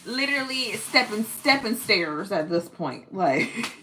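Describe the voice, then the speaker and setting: A woman's voice: medium pitch, expressive, measured pace, bright, forceful tone, a little hiss or hum, poor audio. A woman in her thirties chatting casually on a livestream at home, reading out viewer comments and laughing often. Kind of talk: casual live-stream chat. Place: at home, tidying up.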